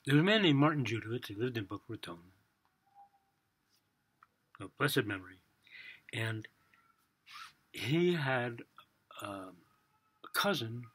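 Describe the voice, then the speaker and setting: Husky, bright-voiced man telling a story. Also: medium pitch. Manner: animated, acting out dialogue, shifting loud and soft. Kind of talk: casual storytelling for children.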